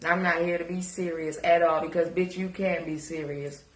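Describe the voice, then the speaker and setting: A woman's voice: fairly low pitch, fairly even intonation, normal speed, reverberant. A woman giving crude, taunting reaction commentary and repeating words to mock someone. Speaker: commentary vlogger.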